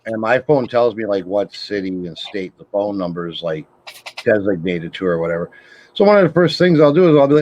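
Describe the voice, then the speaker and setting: A man with a fairly low voice, chatting casually as co-host of a hobby talk show. He tells his stories in a laid-back, amused way. The sound is dull and lo-fi. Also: expressive, a little fast, darkish tone, a little hiss or hum. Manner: laid-back, storytelling with laughs. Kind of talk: casual chat.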